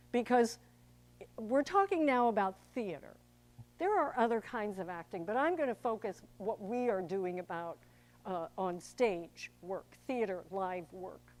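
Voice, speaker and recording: An older woman who acts and directs gives a public talk to an audience in a chatty, theatrical style, performing the voices of people she quotes. Her voice is mid-range with a somewhat dark tone.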